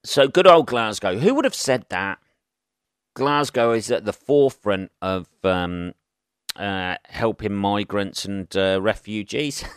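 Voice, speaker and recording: Middle-aged man, solo podcaster, low smooth voice, sweary rambling chat. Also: takes it slowly, no echo, clean studio sound. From England. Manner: sweary, rambling and chatty, asking rhetorical tag questions. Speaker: podcast host.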